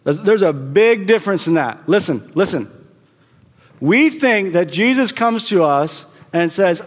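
Emphatic pastor in a reverberant hall. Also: male voice, high-pitched, expressive, a little slow. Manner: emphatic, repeats phrases, swings from loud to hushed. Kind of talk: sermon.

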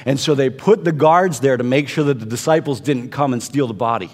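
A man preaching a sermon, building to intense peaks and dropping to hushed, quiet passages. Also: medium pitch, fairly quick, big-room sound. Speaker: pastor.

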